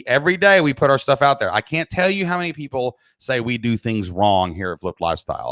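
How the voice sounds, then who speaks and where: A man's voice: medium pitch, smooth, no room sound, clean studio sound. A middle-aged man with a Southern American accent, coaching an online business class on a live stream, blunt and pushy, reading out chat questions and urging his viewers to get moving. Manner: blunt, pushy, energetic pep talk. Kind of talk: live-streamed training session. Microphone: cheap desk mic at laptop.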